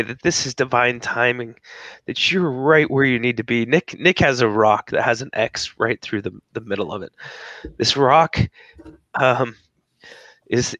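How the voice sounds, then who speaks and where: Halting, reflective male host, near tears. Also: medium pitch, a bit bright, no room sound. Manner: halting, reflective, many fillers. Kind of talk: casual interview chat.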